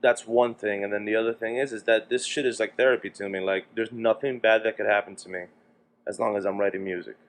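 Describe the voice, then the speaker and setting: A man from New Jersey, a podcast guest, chatting casually and telling stories with quick back-and-forth quotes. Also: lowish voice, fairly even intonation. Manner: rapid storytelling, acting out quoted exchanges. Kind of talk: casual chat.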